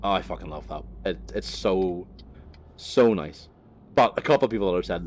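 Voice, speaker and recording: A man's voice: deep voice, brisk, a little mellow, a little hiss or hum. A man vlogging as he drives, chatting in a loose, rambling way, swearing freely and poking fun at himself. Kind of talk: casual rambling chat. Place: driving a vehicle on the road.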